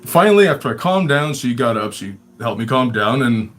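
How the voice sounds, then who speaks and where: A man's voice: mid-range voice, animated, normal speed, fairly bright tone, faint music behind. A man telling stories in a casual livestream chat, rambling and swearing, with lots of filler words and frequent laughter. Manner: rambling and profane, many fillers; laughs often. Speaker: livestream storyteller.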